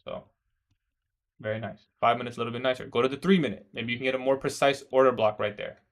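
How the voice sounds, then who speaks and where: Young male streamer, laid-back and conversational, reads chat aloud, mid-pitch everyday voice. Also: steady tone, fast. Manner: casual, says "bro" often, laughs at odd questions. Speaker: day trader livestreaming. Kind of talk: casual livestream chat reading viewer questions.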